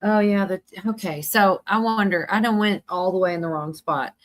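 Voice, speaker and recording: A woman's voice: medium pitch, moderate pace. Chatty woman hosting a livestream. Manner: rambling, chatty, laughs often. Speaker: livestream host. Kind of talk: casual chat.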